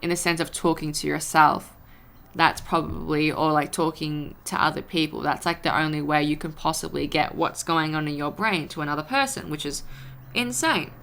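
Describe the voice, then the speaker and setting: A young woman vlogging in a casual, rambling way, breaking into animated acted-out rants. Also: low-pitched, normal speed, gravelly. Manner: rambling, animated, acts out her own frustrated rants. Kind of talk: casual talk to camera.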